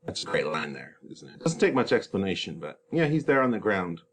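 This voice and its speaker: A man's voice: sits low, very animated, brisk, slight background noise. A man teaching a play, explaining each scene casually with chatty asides.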